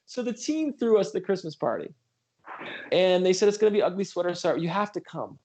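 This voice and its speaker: Hosting a casual livestream, this middle-aged political candidate from Western New York speaks a little fast in a high, slightly mellow voice with lively intonation. He's earnest in his storytelling, sorry for going on too long, and quick with self-deprecating remarks.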